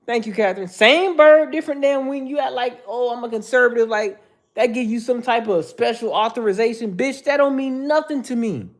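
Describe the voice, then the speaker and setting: A man's voice: extremely high pitch, normal speed. A man hosting a casual livestream, answering viewer chat in a mocking, profane, confrontational way.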